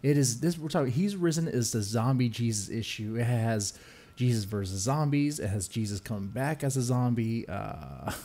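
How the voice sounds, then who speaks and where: A man's voice: medium pitch, expressive, dark tone. Male podcast host, casual and jokey, mid-range voice, prone to laughing asides. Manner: loose, jokey, laughs often, quick asides.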